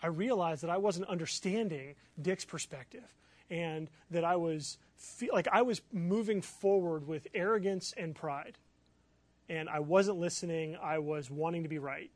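A man preaching as a pastor, telling a personal story in an animated, excitable way with many fillers. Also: on the high side, moderate pace, dry recording. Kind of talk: sermon storytelling.

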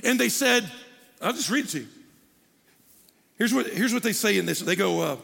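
Man, pastor, high bright voice, animated sermon, hall reverb. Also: moderate pace, creaky, pauses often. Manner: animated preaching, jokey asides to the crowd. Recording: long hall reverb from a large room.

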